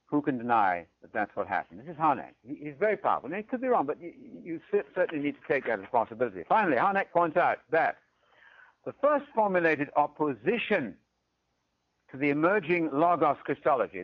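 On a dull, dry lo-fi recording with no echo, a British man with a mid-range voice lectures on theology. He stays animated throughout and regularly asks the audience "right?"

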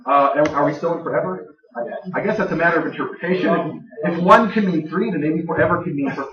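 A man's voice: a little high, fast talker, a crowd in the background. Man teaching scripture in an echoey room. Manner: plain-spoken with dry jokes. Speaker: Bible teacher speaking to a gathering. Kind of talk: conversational Bible teaching. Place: room with a live audience. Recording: dull, echoey room recording from far off.

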